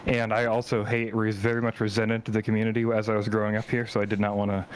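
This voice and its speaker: A man's voice: on the low side, monotone, a little hiss or hum. A man from Alabama co-hosting a livestream, speaking casually and hesitantly with many fillers. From Alabama, US South. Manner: hesitant, filler-heavy, unhurried. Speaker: co-host. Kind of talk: casual chat.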